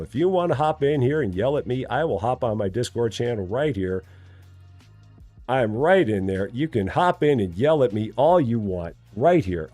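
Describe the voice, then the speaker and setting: A man in his forties streaming a game live, chatting with viewers in a lively, joking way at a desk mic. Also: medium pitch. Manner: lively, talking to chat, jokingly challenging; hums and scats while working. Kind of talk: live gameplay chat.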